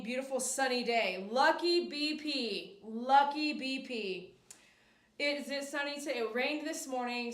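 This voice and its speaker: Livestreaming casually from her grooming shop, a high-voiced woman reads out viewer comments and chats back, sometimes bursting into excited cheers. She's a dog groomer and stream host, and the room has a noticeable echo.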